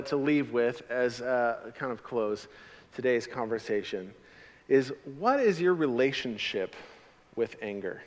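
A middle-aged man preaching a sermon as a pastor, animated, swinging from loud emphatic lines to quiet asides. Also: mid-range voice, normal speed. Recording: long hall reverb.

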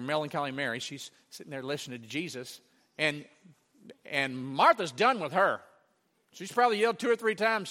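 A male preacher with a high, bright voice, retelling a story with lively, emphatic swings. His voice rings with a long reverb from the hall. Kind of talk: sermon.

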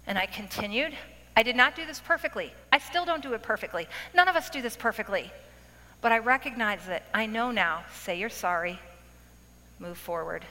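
Middle-aged woman preacher, bright tone, lively storytelling sermon, big hall echo. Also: a little high, normal speed. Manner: animated storytelling with acted-out quotes. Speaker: speaker at a women's event. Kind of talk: testimony sermon. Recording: long hall reverb.

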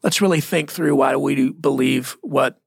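Gravelly, husky Texan man. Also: mid-range voice, moderate pace, no room sound, clean studio sound. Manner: blunt, folksy, laughs often. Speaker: Christian podcast guest. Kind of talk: casual faith discussion.

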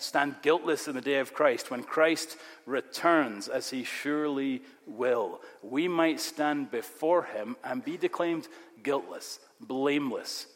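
Male pastor, sermon, emphatic, surging emphasis, long hall reverb, mid-pitched voice. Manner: emphatic preaching with sudden loud rises.

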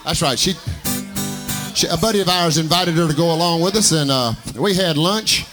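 A man belts out a comic story song in a high, rowdy, drawling half-spoken style. Loud guitar music plays right under him on the track. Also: moderate pace. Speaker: comedy country singer.

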